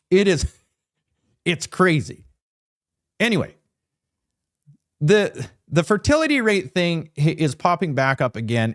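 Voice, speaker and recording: A man hosting political commentary, talking emphatically in a ranting, sarcastic way. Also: medium pitch. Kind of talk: opinionated news commentary.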